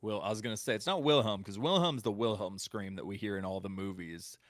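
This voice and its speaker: A young man co-hosting a podcast, chatting casually and breaking into loud mock impressions of characters. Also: fairly low pitch, fairly quick, no echo, studio quality. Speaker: podcast co-host. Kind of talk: casual chat.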